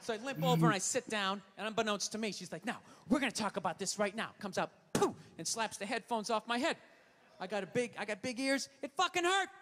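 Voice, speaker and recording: This male stand-up comic has a strikingly high voice and rants through his story, exasperated, animated and brisk. His profane, heated delivery is built to land jokes, with a crowd audible in the background.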